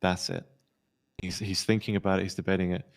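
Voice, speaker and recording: A man playing a police officer, recounting a tense incident in a quick, storytelling way and acting out what people said. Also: sits low, level tone, vocal fry. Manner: rapid storytelling, acts out quoted lines. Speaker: police officer in role-play. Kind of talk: in-character debrief recounting an incident.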